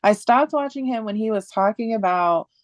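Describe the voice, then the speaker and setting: A woman's voice: mid-range voice, lively intonation, moderate pace, no room sound. A woman giving her opinions emphatically in casual podcast chat.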